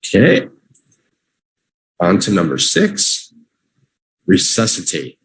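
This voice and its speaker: Slow, husky male English teacher. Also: fairly low pitch, animated. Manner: slow, drawn-out repetition for learners. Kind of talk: livestream vocabulary lesson.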